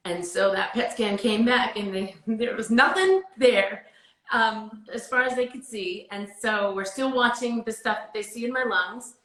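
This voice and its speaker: A woman's voice: fairly high pitch, measured pace, fairly bright tone, echoey room, rough recording. A woman guest telling a heartfelt, rambling story about her faith in casual chat. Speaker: guest singer. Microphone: video call.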